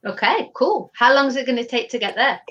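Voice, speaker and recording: A woman playing a tabletop game, asking quick, inquisitive questions. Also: on the high side, expressive, fairly bright tone, dull audio. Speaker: player. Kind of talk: tabletop role-play chat.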